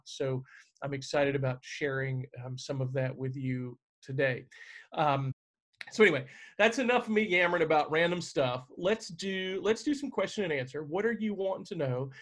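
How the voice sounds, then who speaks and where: A middle-aged man, a stage manager, chatting casually on a video call, with lots of fillers and restarts. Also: mid-range voice. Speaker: guest stage manager answering questions.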